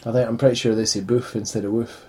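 A man's voice: mid-range voice, little pitch movement, fast talker, warm tone. A man chatting casually as a podcast co-host about a film, wry and mocking. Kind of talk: casual chat reviewing a film.

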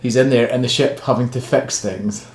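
A man's voice: medium pitch, steady tone, moderate pace, echoey room. A man co-hosting a podcast, chatting casually and jokily about a film and laughing often. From Scotland. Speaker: podcast co-host. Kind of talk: casual film review chat.

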